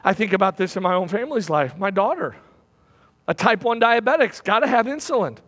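A man preaching a sermon from a church platform, swinging between loud bursts and hushed, repeated phrases. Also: high-pitched, expressive, fairly quick. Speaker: pastor. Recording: long hall reverb.

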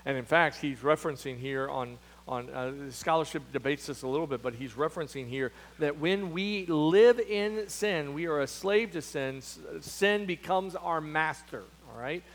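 A man's voice: fairly high pitch, moderate pace, hardly any pauses. A man preaching a sermon as pastor, emphatic, with frequent restarts and fillers. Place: church sanctuary. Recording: long hall reverb.

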